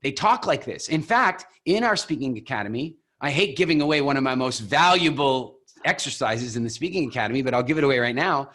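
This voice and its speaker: A man leads a coaching call over a video link, speaking at a mid pitch. He talks in an animated, expressive way, acting out examples as he tells stories. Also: fast, hardly any pauses. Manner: animated, expressive storyteller who acts out examples. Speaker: program founder coaching coaches.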